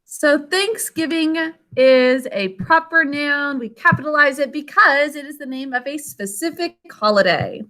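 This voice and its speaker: A woman's voice: high voice, fairly bright tone. A woman teacher on a video call, giving a classroom lesson and carefully sounding out words and their parts. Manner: slow, carefully enunciated phonics instruction.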